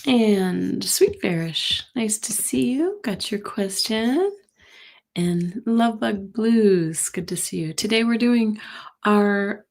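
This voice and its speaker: A woman hosting a psychic livestream from home, chatting casually and greeting viewers by name. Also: medium pitch. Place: home in Colorado.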